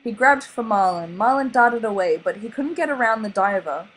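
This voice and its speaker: An Australian woman reading a children's novel aloud in an expressive, dramatic way. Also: on the high side, moderate pace, poor audio. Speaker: reader. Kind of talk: storybook read-aloud.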